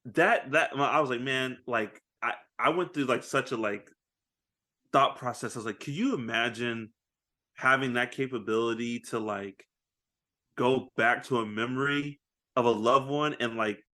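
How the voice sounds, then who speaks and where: A man co-hosting a podcast tells a movie story in a loose, chatty way. He acts out the characters' lines, laughs often, and talks at a middle pitch. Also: moderate pace, pushed and bright. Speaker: podcast co-host. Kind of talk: casual chat recapping a movie.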